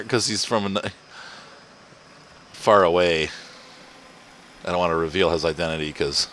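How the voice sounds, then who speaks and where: A man's voice: low voice, unhurried, long pauses, a bit bright, slight background noise. A man hosting a casual let's-play, rambling and chatty and laughing often as he plays at home. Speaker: gaming channel host. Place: home, indoors.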